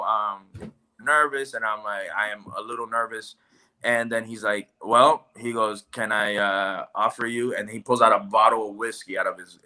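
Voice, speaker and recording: Guy on a podcast, really bright voice, animated, acts out what people said. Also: on the low side. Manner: animated storyteller, acts out quotes. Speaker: podcast guest. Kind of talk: casual podcast chat.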